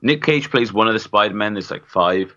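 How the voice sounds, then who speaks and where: A man's voice: fairly low pitch, lively intonation, a little fast, sharp tone, lo-fi sound. A man co-hosting a podcast, laid-back and hesitant, with many fillers. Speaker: podcast co-host. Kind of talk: casual podcast chat.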